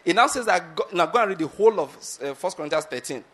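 A man's voice: high-pitched, expressive, fast talker, a bit bright, husky. A man preaching a sermon on a Bible story, often asking his listeners whether they are getting his point and acting out the characters' words. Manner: repeatedly asks the audience if they get the point; acts out Bible characters' lines with shifts in pace.

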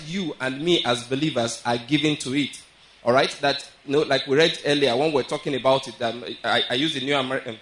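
A man's voice: mid-range voice, a bit bright, low-quality recording. A man preaching a sermon, earnest and repetitive, often checking that his listeners follow. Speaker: pastor.

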